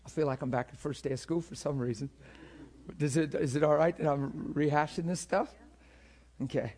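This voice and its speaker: A man's voice: a little high, normal speed, a little mellow. A man teaching a class in a sermon style, conversational and often checking in with his listeners, repeating words as he builds a point.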